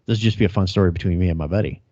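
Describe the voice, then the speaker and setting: A man's voice: deep voice, rapid-fire, warm tone, dry recording. A young male police officer telling a chase story on a casual podcast, laughing, swearing and acting out radio calls. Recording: dry, dull lo-fi sound.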